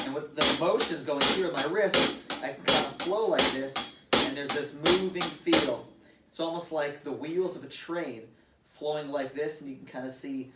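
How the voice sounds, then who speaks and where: A man teaching drum grooves in a casual demo, counting beats aloud and explaining plainly at his kit. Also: medium pitch. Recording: roomy and distant, loud drums behind. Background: loud drum playing.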